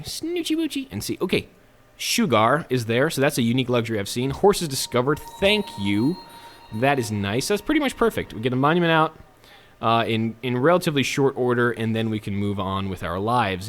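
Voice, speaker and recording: A man with a typical mid-range voice narrates his gameplay in a relaxed let's play. His commentary is conversational and sprinkled with humor and jabs at himself.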